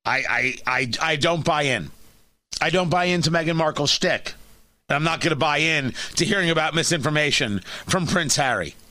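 A man's voice: fairly high pitch, moderate pace, pushed and bright, no echo. A man hosting a talk radio show, giving sarcastic, emphatic opinion and often repeating and restarting his phrases.

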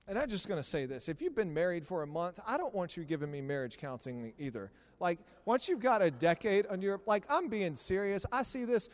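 A middle-aged man preaching a sermon in a church, talking conversationally with animated asides. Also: sits high. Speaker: pastor. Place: church sanctuary. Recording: long hall reverb.

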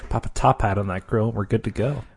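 A man co-hosting a comedy podcast with his brother, trading deadpan jokes and breaking into laughter. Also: fairly low pitch, a little fast, gravelly, husky, no room sound. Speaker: podcast co-host. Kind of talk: casual comedic banter between brothers.

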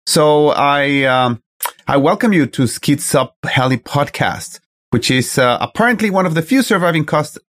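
A man's voice: fairly high pitch, expressive, normal speed, fairly bright tone. A man hosting a podcast, chatting casually in a rambling, self-correcting way. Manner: rambling, restarts, chuckling. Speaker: podcast host.

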